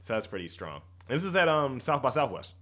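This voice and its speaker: Joking, reflective podcast co-host. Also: male voice, medium pitch, sing-song, fairly quick, sharp tone. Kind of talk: casual chat.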